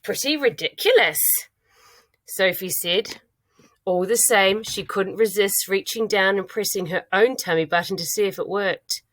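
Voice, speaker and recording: A woman, a primary school teacher, reading a children's book aloud with expressive storytelling. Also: mid-range voice, moderate pace, dry recording.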